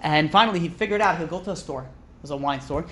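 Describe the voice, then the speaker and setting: A man, a rabbi, teaching a class through lively storytelling, acting out characters' lines and speaking casually with lots of fillers. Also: fairly high pitch, fast. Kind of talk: storytelling lecture.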